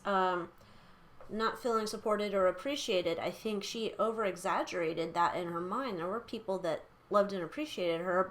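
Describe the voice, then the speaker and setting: Young woman tarot reader, casual and blunt, fills pauses with filler words, middle pitch. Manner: chatty, blunt, swears freely, lots of fillers. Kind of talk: casual chat during a tarot reading.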